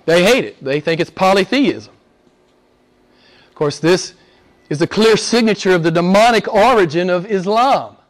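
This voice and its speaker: A middle-aged man preaching a sermon, his voice sitting notably high for a man. He drives his points home with emphatic lists and slows down to read scripture aloud. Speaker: pastor.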